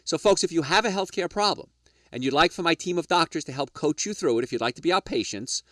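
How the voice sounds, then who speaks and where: A man's voice: a little high, animated, quick pace, a bit bright, no room sound, clean studio sound. A middle-aged or older man hosting a health radio show, lecturing emphatically with rhetorical questions and asides to "folks".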